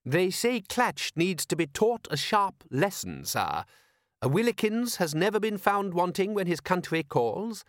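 A man's voice: high-pitched, big pitch swings, a little slow, no echo, clean studio sound, pitched above the performer's own voice. A man voicing a proper, deferential male butler in an audiobook. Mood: earnest deferential. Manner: formal, deferential, clipped. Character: prim loyal male butler, earnest and proper.

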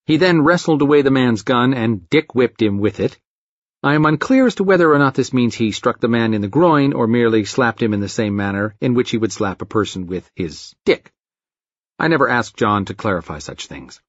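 A man reading a first-person audiobook in a dry, deadpan storytelling manner. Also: medium pitch, brisk, no room sound. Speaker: audiobook narrator. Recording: dull lo-fi recording.

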